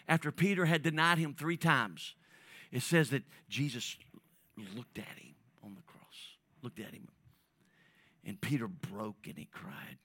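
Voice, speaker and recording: A man preaching a sermon as pastor, talking to the congregation in a conversational way, dropping to near whispers and rising to loud emphatic peaks, often repeating and restarting his words. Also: mid-range voice, no echo, studio quality.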